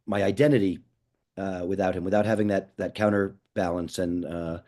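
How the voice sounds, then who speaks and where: A man's voice: sits low, steady tone, moderate pace, warm tone. A man answering a panel question on a video call, speaking in an earnest, reflective way. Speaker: panelist and podcaster. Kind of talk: casual spoken answer.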